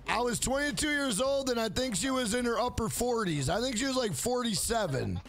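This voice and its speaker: A man's voice: very high voice, expressive, brisk, fairly bright tone, faint music behind. A man live-streaming a game, rambling through crude, profane stories and talking back to his chat by name. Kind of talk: casual chat while gaming on a live stream.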